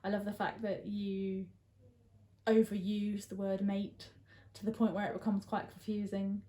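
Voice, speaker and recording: A woman with an English accent chatting casually, laughing often and filling pauses with ums. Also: medium pitch, monotone, mellow, reverberant. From England. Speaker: guest. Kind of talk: casual chat.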